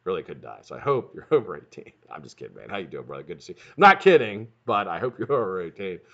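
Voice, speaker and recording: Fast-talking, profane streaming host, a man. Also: low-pitched, sing-song, gravelly, pushed and bright, highs cut off. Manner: fast-talking, profane, greets chat by name. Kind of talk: casual live-stream chat.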